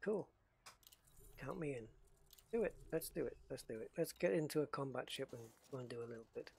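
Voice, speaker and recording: A man's voice: medium pitch, lively intonation, brisk, creaky, darkish tone, husky. A man chatting casually while streaming a space game, greeting viewers by name and thinking aloud. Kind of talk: casual live-stream chat.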